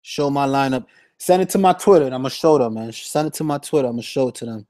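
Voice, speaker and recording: Young guy on a fantasy sports stream, slangy and hyped, mellow tone, dry close mic. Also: mid-range voice, quick pace, dry recording. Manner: slangy, animated, reads chat shout-outs. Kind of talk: casual live-stream chat.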